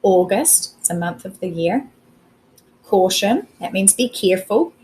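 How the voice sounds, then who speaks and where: A woman's voice: on the low side, takes it slowly, dark tone, a little hiss or hum, rough recording. A woman teacher recording a spelling lesson, explaining each word patiently with simple examples. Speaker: primary school teacher.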